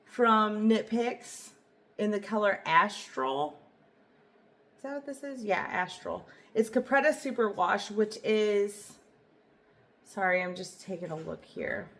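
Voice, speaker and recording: A woman's voice: mid-range voice, a bit bright. A woman hosting a knitting video podcast, talking casually and eagerly to camera from home, with a lilt and plenty of "um" and "like". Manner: chatty and enthusiastic, lots of "um" and "like". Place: home, indoors.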